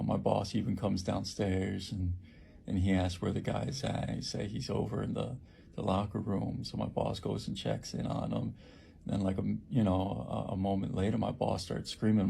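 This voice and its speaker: A man who works at a homeless shelter recounts an attack in a halting personal account, with many fillers and restarts. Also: on the low side, vocal fry, mellow, husky.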